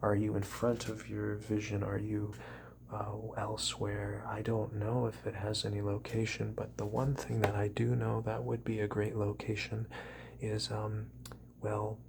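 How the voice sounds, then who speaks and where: A man with a low, gravelly voice wanders through loose ASMR musings, slipping in and out of soft whispers. He talks unhurriedly and repeats words in long, lulling strings. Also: noisy background. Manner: meandering, repetitive, drifting into soft whispers. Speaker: ASMR creator.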